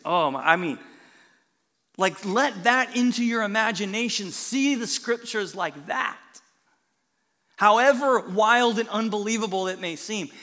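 Pastor, male, high bright voice, animated sermon storyteller, hall reverb. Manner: animated storytelling, swings from hushed to loud.

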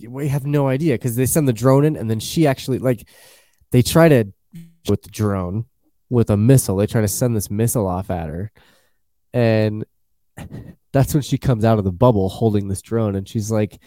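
A man's voice: lowish voice, moderate pace, dark tone, no room sound, clean studio sound. A man chatting casually as a podcast host, rambling and acting out quotes in jokey voices. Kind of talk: casual chat.

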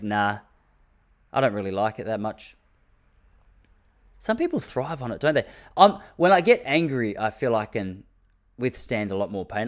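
An Australian man in his thirties hosting a solo podcast, rambling and joking, with mock rants. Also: mid-range voice. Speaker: podcast host. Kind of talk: casual solo podcast chat.

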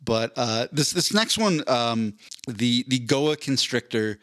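A man's voice: medium pitch, slow pace. A man co-hosting a podcast in casual chat, reading out tweets and his crude joke replies. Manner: joking, crude, animated when quoting. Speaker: podcast co-host.

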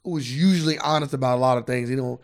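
Podcast guy with a gravelly voice, loose and profane, just chatting. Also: mid-range voice, quick pace. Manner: loose, profane, reads facts aloud from a screen. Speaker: podcast co-host. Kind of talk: casual chat.

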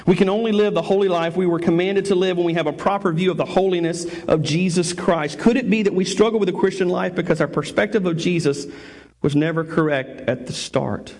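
Husky-voiced animated male pastor preaching. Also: high voice, brisk. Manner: animated, conversational, jokey preaching. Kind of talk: sermon.

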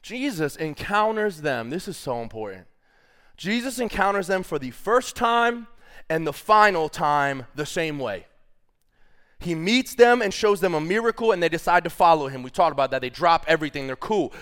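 A man preaching a lively sermon in a drawl, his voice smooth and resonant and pitched a little high for a man. He keeps things loose and playful, talking to the congregation as y'all between readings from the Bible. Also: normal speed. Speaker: pastor.

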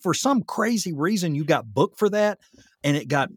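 A man's voice: on the high side, animated, moderate pace, slightly rough, no room sound, studio quality. A man co-hosting a voiceover podcast, folksy and emphatic, who laughs easily. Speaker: podcast co-host, voice actor. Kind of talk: casual podcast chat.

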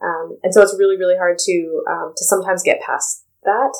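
A woman wedding planner co-hosting a podcast, talking casually and haltingly with many "you know"s and restarts. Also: lowish voice, steady tone, darkish tone, rough recording.

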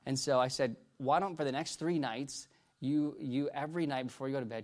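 A man preaching, telling a story and acting out the people in it with lively jumps in his voice. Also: fairly quick. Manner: animated storyteller, acts out quoted dialogue with big pitch jumps. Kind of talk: storytelling sermon.

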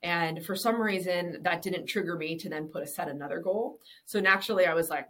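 A woman's voice: on the low side, normal speed, fairly bright tone. A woman in her thirties, a business owner interviewed on a podcast, talks candidly, swears freely and laughs often. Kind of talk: casual interview.

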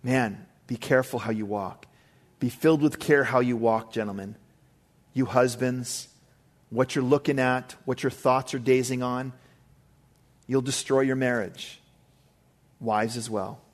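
A man's voice: mid-range voice, fairly even intonation, a little slow, pauses often. A male pastor giving a conversational sermon, emphatic with frequent asides to the congregation.

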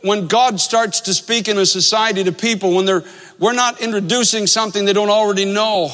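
A man's voice: high-pitched, steady tone, brisk, a bit bright, big-room sound. A man preaching a sermon, telling a story with earnest emphasis and repeating phrases to drive points home. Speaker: pastor.

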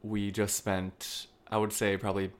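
A man from Vermont hosts a podcast with a loose, playful, slightly profane manner. His voice sits very low, and his speech is full of filler ums. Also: monotone, unhurried. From Vermont, United States. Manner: loose and playful, frequent ums, swears casually. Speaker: podcast host. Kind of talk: casual chat.

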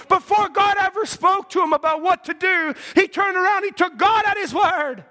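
A male preacher with a very high, bright and forceful voice. He delivers an impassioned sermon, pressing his points home, calling out hallelujah and climbing into shouts. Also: fairly quick, few pauses. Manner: impassioned, repeats cries of hallelujah, rises to shouts. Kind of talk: fervent sermon.

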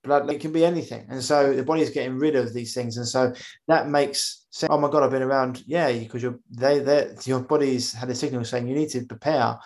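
A man hosting a podcast interview, talking in a rambling, animated way and often acting out the voices of people he quotes. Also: medium pitch, moderate pace. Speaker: podcast host. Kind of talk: casual conversational interview.

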